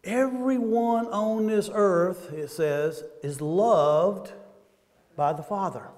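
A man's voice: high-pitched, animated, slow, darkish tone, long reverb tail. A man with a Southern American accent preaching a sermon in a church, talking conversationally and asking the congregation questions.

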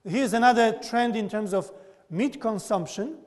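A man giving a classroom lecture, often checking in with his listeners with a quick "okay?". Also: high-pitched, a little mellow, in a large hall. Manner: keeps tagging "okay?" onto points.

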